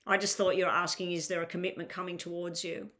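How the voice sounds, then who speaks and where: A woman's voice: lowish voice, level tone, quick pace, a bit bright. A tired woman with a crackling voice doing a live-stream tarot reading, talking casually to viewers in chat and asking them to clarify their questions. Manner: chatty, asks viewers to clarify, filler-heavy.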